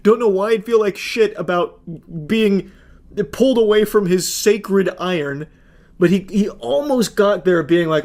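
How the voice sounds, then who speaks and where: A man in his thirties giving sarcastic, profane, deadpan commentary while reading text messages aloud. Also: sits high, unhurried. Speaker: commentary host.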